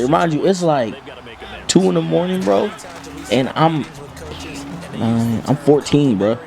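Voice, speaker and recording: A young man from Kentucky hosting a gaming channel, telling a comic story in slangy, jokey, animated speech. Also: on the high side, unhurried, gravelly, pauses often, music in the background. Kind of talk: comic story time over gameplay.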